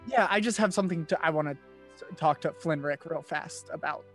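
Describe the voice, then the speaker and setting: A man playing a tabletop game, describing his character's actions haltingly. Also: a little high, soft background music. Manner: halting, thinking aloud. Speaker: player. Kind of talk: casual tabletop play.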